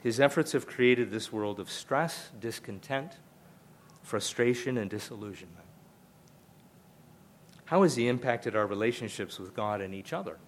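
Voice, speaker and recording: A man's voice: lowish voice, expressive, moderate pace, long pauses, slight background noise. An older man preaching a sermon, emphatic and conversational, often repeating himself for emphasis. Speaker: pastor.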